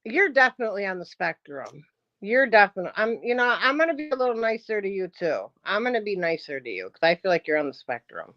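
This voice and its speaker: A woman's voice: medium pitch, big pitch swings, fast talker, a bit bright, dry recording, dull audio. Combative profane woman ranting on stream. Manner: combative, profane, talking back to chat. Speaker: livestreamer. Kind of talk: casual livestream rant.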